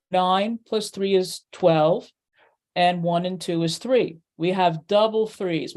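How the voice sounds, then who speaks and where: A woman's voice: medium pitch, darkish tone. A middle-aged woman teaching a numerology workshop in a chatty way, full of fillers and playful acted-out asides. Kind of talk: workshop lesson.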